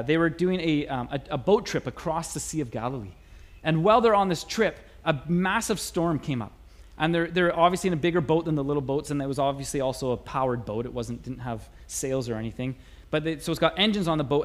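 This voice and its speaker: A man preaching a sermon in a church, animated and conversational with playful asides. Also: high-pitched. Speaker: pastor. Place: church sanctuary.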